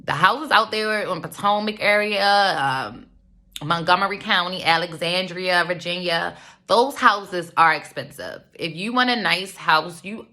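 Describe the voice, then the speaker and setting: Woman, 30s, casual show reviewer; bright, chatty, rambling delivery. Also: on the low side. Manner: chatty, rambling with many fillers. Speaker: reality TV reviewer. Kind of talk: casual commentary.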